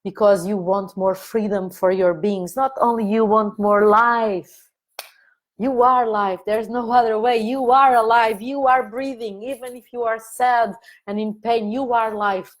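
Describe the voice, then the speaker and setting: A woman guiding listeners through an inner-child exercise in a live online talk, speaking gently and repeating her soothing instructions. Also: fairly high pitch, steady tone, a little slow. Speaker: consciousness coach leading an online meeting. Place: online meeting.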